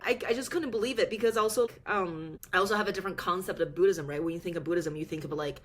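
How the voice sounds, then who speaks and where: Woman guest in her thirties, from China, fairly low-pitched voice, expressive storytelling, quick laughs, pitch leaping up when excited. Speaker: podcast guest. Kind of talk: casual interview chat.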